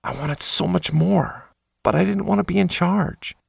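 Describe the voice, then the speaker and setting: A man's voice: high-pitched, moderate pace, vocal fry, husky, no room sound, studio quality. A man narrating a first-person romance audiobook in an intimate inner-monologue manner.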